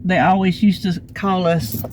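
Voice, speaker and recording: A woman's voice: fairly low pitch, steady tone, measured pace. A woman from North Carolina with a Southern accent, chatting folksily to viewers as she gives a walking tour of her town, filmed outdoors on her phone. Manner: chatty, folksy, rambling, talks to viewers as y'all. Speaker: vlogger. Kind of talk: casual walking tour chat. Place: outdoors on town streets, windy. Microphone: handheld phone. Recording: loud street and traffic noise. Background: cars and city traffic.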